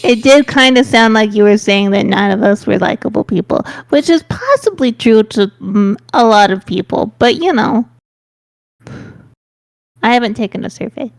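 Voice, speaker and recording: Gravelly woman, dry measured player. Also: fairly high pitch, lively intonation, no echo. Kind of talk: tabletop role-play chat.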